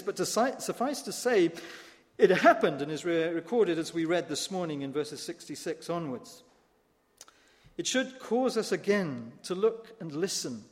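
Animated high-voiced preacher in a reverberant church. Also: male voice. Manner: animated, rising to emphatic peaks with wry asides. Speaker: pastor. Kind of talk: sermon.

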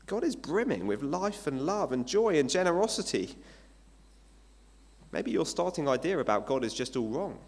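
A man preaches a sermon in a relaxed, conversational way, often asking rhetorical questions. His pitch moves up and down a lot. The voice trails off into a long hall reverb, as if in a large church. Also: moderate pace. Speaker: pastor.

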